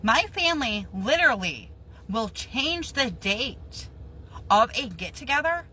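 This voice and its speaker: Slow, emphatic woman with a bright, high voice. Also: sing-song, slight background noise, low-quality recording. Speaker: social media poster. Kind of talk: direct-to-camera video.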